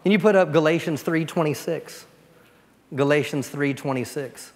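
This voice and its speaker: A pastor giving a storytelling sermon, dropping to a soft, quiet voice when he prays. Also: a little high, moderate pace. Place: church sanctuary. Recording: long church reverb.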